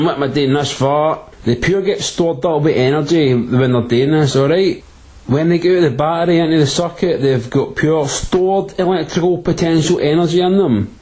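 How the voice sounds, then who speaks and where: A man's voice: fairly high pitch, a little mellow. A man with a Glaswegian accent teaching physics in a crude, jokey, slang-heavy way. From Glasgow, Scotland. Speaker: physics tutor. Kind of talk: comic slangy physics lesson.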